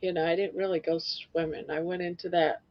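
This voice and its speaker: Over dull, lo-fi stream audio, an older woman with a lowish, steady voice hosts a casual live chat at a brisk pace. She wanders from one subject to another, occasionally slipping into bits of song.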